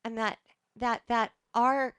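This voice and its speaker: Earnest middle-aged woman, clear dry voice. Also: on the high side, fairly even intonation, slow pace, a bit bright, no room sound. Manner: earnest and emphatic, with frequent restarts. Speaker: holistic practitioner. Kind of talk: motivational talk to a live audience.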